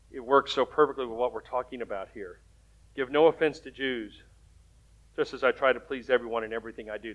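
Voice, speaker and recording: A man's voice: mid-range voice, a bit bright, lo-fi sound. A man preaching a sermon as pastor, telling stories in a conversational way and rising to emphatic points.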